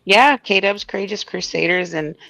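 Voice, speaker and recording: A woman's voice: mid-range voice, moderate pace, gravelly, fairly bright tone, dry recording, soft background music. A middle-aged woman speaking plainly as a podcast guest, on a dull lo-fi line. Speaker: podcast guest, advocacy group founder.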